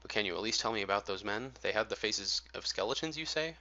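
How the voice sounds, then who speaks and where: A man voicing a calm, mild-mannered young reporter who asks polite, steady questions, in a storybook reading on dull lo-fi audio. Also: lowish voice, quick pace. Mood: calm, probing.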